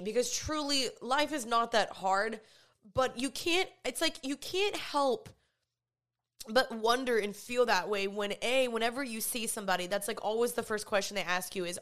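A woman's voice: on the high side, normal speed, a bit bright. A young woman hosting her own podcast, giving a candid, casual personal update and leaning heavily on "like" as she talks. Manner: candid, heavy use of "like", emotional at times. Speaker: podcast host.

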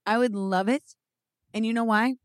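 A woman's voice: fairly high pitch, steady tone, normal speed, no room sound, studio quality. Blunt teasing woman on a podcast. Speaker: podcast co-host. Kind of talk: casual banter.

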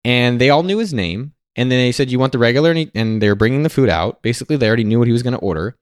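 A man telling a story and sharing advice in a casual monologue, animated and acting out the people he quotes. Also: mid-range voice, very fast, smooth, no echo, studio quality. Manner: animated, quotes others in lively put-on voices.

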